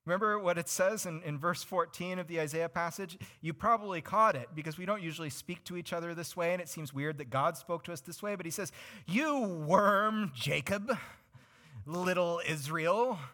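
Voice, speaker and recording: Male pastor, sermon delivery, earnest and questioning, forceful bright tone. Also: fairly high pitch, fast talker, hardly any pauses. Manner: earnest, explains and asks the congregation questions.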